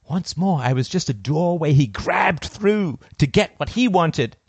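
Cold, deliberate male storyteller. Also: fairly high pitch, lively intonation, slightly rough, no echo. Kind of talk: first-person story narration.

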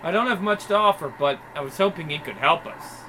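A man voicing a calm, determined young male hero. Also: fairly high pitch, brisk, slight background noise, low-quality recording.

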